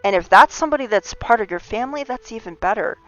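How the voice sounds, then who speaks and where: A woman's voice: fairly high pitch, animated, fast, fairly bright tone. A woman hosting a livestream, talking in an earnest, impassioned monologue full of restarts and rising emphasis. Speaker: livestream host. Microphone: streaming mic. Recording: slightly dull lo-fi stream audio.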